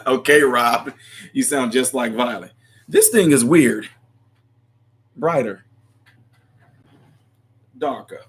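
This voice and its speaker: A chatty man hosting a livestream, reading out viewer comments and answering them. His pitch sits in a middle range, and he rambles loosely with plenty of laughs. It sounds like relaxed, unscripted talk. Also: very slow, pauses often, husky. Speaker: livestream host. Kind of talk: casual live chat reading comments.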